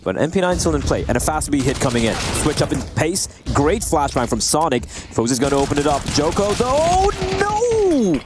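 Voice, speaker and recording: A man doing live play-by-play commentary on a competitive game, animated and jokey between calls. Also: mid-range voice, fast, hardly any pauses, background noise. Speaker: esports caster. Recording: broadcast with loud game sounds behind.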